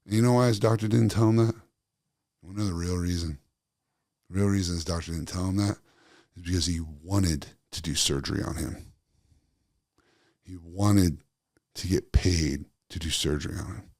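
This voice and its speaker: Blunt, low-voiced man talking casually. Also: moderate pace, pauses often, darkish tone, dry recording, studio quality. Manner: blunt, profane, conversational. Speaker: wellness coach. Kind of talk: casual monologue.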